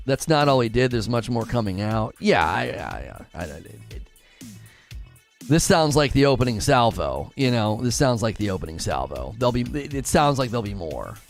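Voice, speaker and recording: A young man hosting a gaming talk show, ranting emphatically and repeating himself. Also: on the high side. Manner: heated, emphatic, repeats phrases. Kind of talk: live stream talk show rant.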